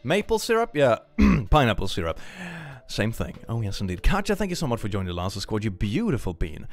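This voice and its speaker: A man's voice: lowish voice, a little fast, soft background music. A man from Sweden, chatting playfully on a live stream and reading out supporters' messages. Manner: playful, animated, jokey. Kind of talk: casual live-stream chat, reading donations.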